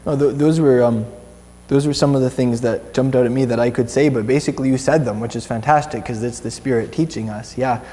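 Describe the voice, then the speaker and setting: A man's voice: mid-range voice, fairly even intonation, fairly quick, mellow, long reverb tail. A young Canadian man giving informal Bible teaching to a small group, chatty and rambling, with many restarts.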